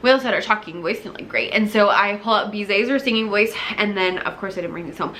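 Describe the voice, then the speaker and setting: This young woman, an elementary music teacher, chats about her lessons, playing out classroom exchanges and slipping into whispers or bits of song. Her mid-range voice is quick and fairly bright, with a little hiss or hum in the recording.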